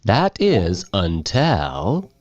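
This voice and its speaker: A low-voiced man teaches English at an unhurried pace, reading a story aloud and stopping to explain words. He repeats each word several times for students to copy, and his pitch moves a lot. The recording sounds slightly dull and lo-fi. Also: wildly swooping pitch, darkish tone.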